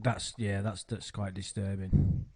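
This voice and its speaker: A man's voice: sits low, flat delivery, unhurried, dark tone, slightly rough, no room sound. A man co-hosting a podcast who swears freely and sounds exasperated. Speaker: podcast co-host. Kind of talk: casual chat.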